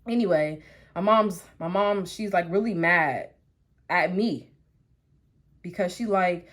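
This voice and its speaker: A young woman from Ohio telling a personal story while getting ready, in animated, slangy talk, acting out what people said. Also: lowish voice, unhurried, long pauses. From Columbus, Ohio. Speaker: vlogger.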